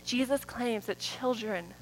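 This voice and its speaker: A woman preaching a sermon in a church, moving between soft, drawn-out phrases and loud, rising calls. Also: fairly high pitch, creaky, soft background music, low-quality recording.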